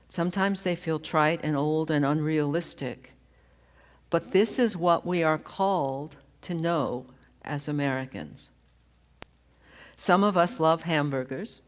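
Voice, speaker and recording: A woman minister giving a sermon in a slow, deliberate, reflective way, from a church sanctuary. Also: low-pitched.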